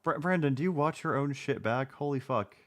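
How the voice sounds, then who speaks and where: A man's voice: mid-range voice, brisk. Sarcastic, swearing male streamer. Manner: sarcastic, mocking, profane. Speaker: streamer reacting to videos. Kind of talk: commentary over a video.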